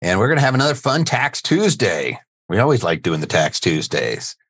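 Speaking at a moderate pace in a lowish, slightly bright voice with a breathy edge, this middle-aged podcast host sounds very animated, and there's no room sound. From his studio he rambles through a casual live webinar chat, joking and laughing readily.

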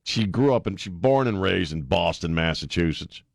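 A sarcastic man hosting talk radio, his pitch bouncing all over as he mocks and rants. The sound is dry and close, with no room around it. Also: moderate pace, vocal fry, no echo. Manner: sarcastic, mocking, animated. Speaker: radio talk show host.

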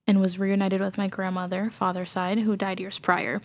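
A woman's voice: mid-range voice, little pitch movement, moderate pace. A woman co-hosting a podcast, reading a listener's ghost story aloud in an earnest way and getting emotional as she reads. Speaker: podcast co-host.

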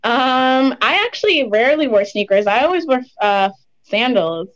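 A woman's voice: fairly high pitch, animated, moderate pace, rough recording. Chatty young woman, lots of fillers. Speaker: interview guest, reality show contestant. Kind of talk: casual interview chat.

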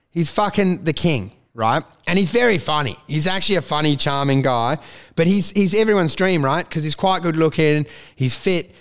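A man co-hosting a podcast, telling animated stories, swearing freely and often asking "do you know?". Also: on the high side, clear, resonant tone. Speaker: podcast co-host. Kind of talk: casual chat.

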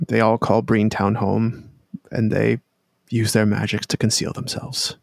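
A gentle old elf woman with a slow, soothing manner, as a game master puts her on. Her voice is low and gravelly. The sound is close and dry, like a tabletop game session. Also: little pitch movement, no room sound. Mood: warm reassurance.

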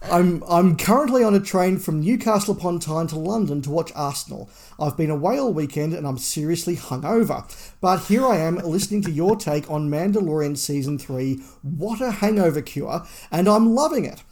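A man's voice: a little high, animated, moderate pace, a little mellow. A man co-hosting a podcast, chatting casually in a joking, self-deprecating way with frequent stumbling restarts. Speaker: podcast co-host.

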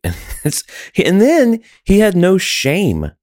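A man's voice: high voice, huge pitch swings, slow pace, darkish tone, no echo, clean studio sound. A middle-aged man co-hosting a podcast, talking in crude, joking casual chat. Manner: crude, joking, plays bits. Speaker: podcast co-host.

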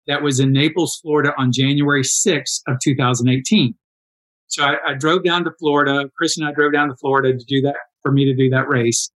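A man in his sixties telling stories in a casual interview, animated and acting out quoted dialogue. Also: medium pitch, brisk, poor audio. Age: 60s. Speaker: interview guest, endurance athlete.

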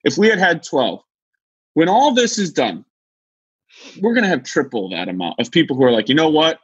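A man's voice: normal speed, slightly rough, no echo, lo-fi sound. A man in his thirties, a podcast co-host, telling a story in casual chat and acting out quotes in a raised voice. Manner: animated, acts out quotes in high voices.

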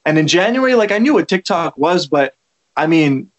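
A man, a musician guest telling his story in casual interview chat, relaxed and rambling with many fillers. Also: a little high, normal speed. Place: lives in Toronto.

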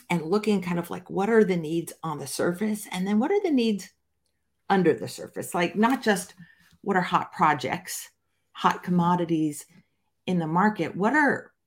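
A woman with a slightly low voice talks through her ideas in a relaxed interview. She explains fluently and leans on key words for emphasis. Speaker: guest author and researcher. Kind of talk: conversational interview.

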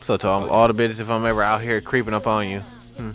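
A man's voice: fairly low pitch, level tone, fast, fairly bright tone, soft background music. Laid-back young man telling slangy stories. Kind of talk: casual chat.

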